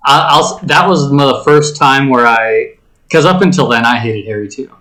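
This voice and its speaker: A man's voice: medium pitch, normal speed, pushed and bright, low-quality recording. A man co-hosting a casual movie podcast, thinking aloud and restarting his sentences as he reasons. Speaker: podcast co-host.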